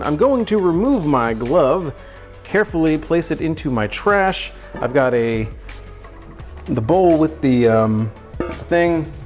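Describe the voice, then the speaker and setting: A man's voice: on the high side, a little mellow. Joking man streaming from his kitchen. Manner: joking, self-mocking, chatty. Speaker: streamer cooking live. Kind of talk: casual livestream chat. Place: home kitchen.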